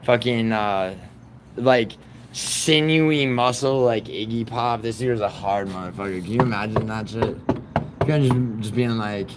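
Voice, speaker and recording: A man's voice: on the low side, normal speed, noisy background. A man hosting a livestream, talking in a crude, profane and rambling way, mocking his chat. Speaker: livestream host.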